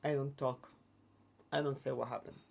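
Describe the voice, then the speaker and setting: Man telling a story in halting English. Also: mid-range voice, flat delivery, vocal fry, a little mellow, a little hiss or hum. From Mexico. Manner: halting, broken English with many restarts and fillers. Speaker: guest, circus artist. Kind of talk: casual storytelling interview.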